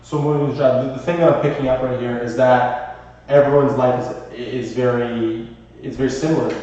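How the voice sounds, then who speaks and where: A man's voice: mid-range voice, fairly even intonation, moderate pace, dark tone. A man hosting a casual group chat, reflective and asking probing questions. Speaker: podcast host. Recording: echoey room from far off, dull sound.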